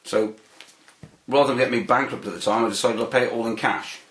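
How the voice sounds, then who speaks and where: Man, mid-pitched, rambling storyteller in a roomy, echoey space, full of restarts and asides. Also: brisk, a bit bright. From United Kingdom. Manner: repeats himself, many restarts and fillers. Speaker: interview guest.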